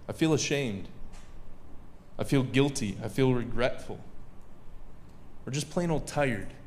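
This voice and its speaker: A man's voice: mid-range voice, expressive, unhurried, a little hiss or hum. Man preaching casually to a crowd. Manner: conversational, joking asides with the audience. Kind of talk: sermon. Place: live venue with audience.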